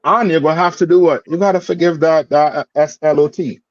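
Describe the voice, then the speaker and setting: A man's voice: on the high side, fairly even intonation, a little fast, no room sound. A man teaching a scripture class in plain street talk, quizzing his student with repeated "you understand?" checks. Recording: dull lo-fi sound.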